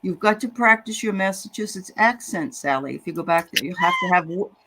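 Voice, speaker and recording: A woman hosting a live spiritual show, chatting with her guest and giving readings in a lively, joking way. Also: on the low side, a little hiss or hum. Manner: lively, chatty, quick to joke and laugh.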